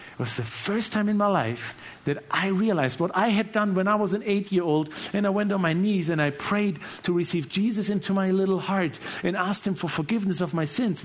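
A German-accented man tells his testimony in an earnest sermon style. His voice sits a little high for a man. He drops to near-hushed lines and then breaks into loud bursts. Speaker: speaker giving testimony.

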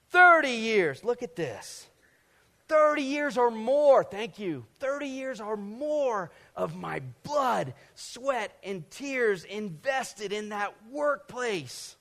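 A middle-aged man from Georgia preaching a sermon from a stage, telling animated personal stories and acting out scenes with sound effects. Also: extremely high pitch. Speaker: pastor. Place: stage before a live congregation.

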